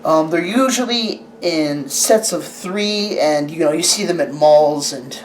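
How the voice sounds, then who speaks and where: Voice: mid-range voice, a little hiss or hum. Rambling sword reviewer with restarts. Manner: rambling, halting, with frequent restarts; chatty, asks the camera operator questions. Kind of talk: casual product review.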